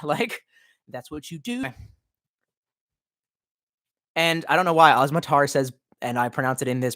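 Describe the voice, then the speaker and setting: A man's voice: on the high side, lively intonation, measured pace, long pauses, a bit bright. Profane, rambling man with a swooping voice. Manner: profane, rambling, tipsy with vodka. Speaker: streamer reading live chat. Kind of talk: casual rambling livestream chat.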